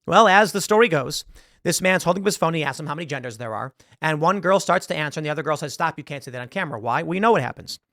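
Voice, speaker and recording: A man's voice: a little high, expressive, quick pace, fairly bright tone, no room sound, studio quality. A man hosting a show, giving rambling, conversational commentary and acting out quotes as he goes. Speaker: show host. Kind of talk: casual political commentary.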